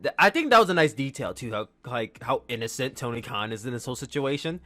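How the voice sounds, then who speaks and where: A man hosting a podcast, recapping in a casual, excitable, rambling way and acting out quotes. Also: mid-range voice, fast. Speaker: podcast host.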